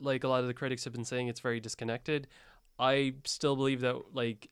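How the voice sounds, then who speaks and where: A man chatting casually as a podcast co-host, relaxed and often laughing, with hesitant restarts. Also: mid-range voice, creaky, clear, resonant tone, no echo, studio quality. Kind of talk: casual chat.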